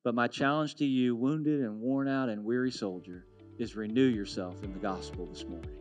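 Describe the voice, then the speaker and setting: A man preaching a sermon as pastor, telling a story with animated, earnest delivery and building to a call to renewal. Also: medium pitch, normal speed, over music.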